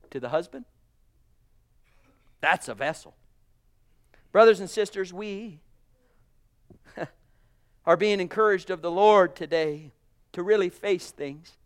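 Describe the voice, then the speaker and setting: A man with a voice that sits high preaches a fervent sermon to his church, shifting between hushed, gentle lines and loud, emphatic calls while often speaking to the congregation as brothers and sisters.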